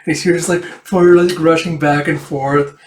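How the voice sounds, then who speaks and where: A man's voice: fairly high pitch, steady tone, moderate pace, a little mellow, a little hiss or hum. Rambling man reading a comic aloud. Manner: rambling, filler-heavy retelling. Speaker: comic reader. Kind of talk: casual comic read-aloud. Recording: roomy echo.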